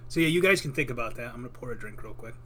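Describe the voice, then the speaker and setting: A man narrating a tabletop game as game master, in an unhurried, rambling way with many fillers. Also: medium pitch, animated, sharp tone.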